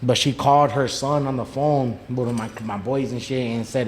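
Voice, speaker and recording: Recorded in an echoey room with faint noise, a podcast guest speaks at normal speed in a mid-range voice with fairly even intonation. His casual, profane, slang-heavy story comes alive as he voices the characters and quotes their lines.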